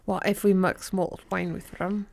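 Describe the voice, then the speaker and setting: A tipsy woman co-hosting a podcast, giggly, loud and playful, swearing in casual chat. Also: mid-range voice, flat delivery, normal speed, vocal fry. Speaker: podcast co-host.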